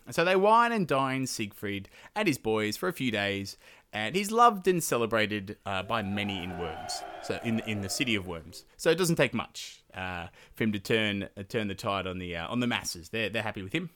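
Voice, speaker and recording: A man's voice: on the low side, big pitch swings, moderate pace, a bit bright, a little hiss or hum. A man hosting a podcast, retelling a medieval epic in a casual, profane, slangy way with laughing asides. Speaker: podcast host.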